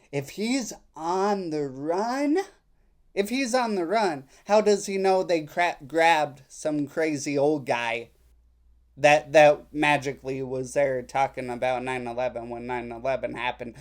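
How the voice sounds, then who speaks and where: A man commenting casually on text messages he reads out, sarcastic and mocking, rambling with fillers. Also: mid-range voice.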